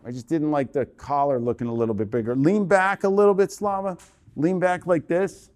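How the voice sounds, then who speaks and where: A man coaching a portrait subject through a photo shoot, giving brisk, repetitive commands over a live video call. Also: a little high, steady tone, a little mellow.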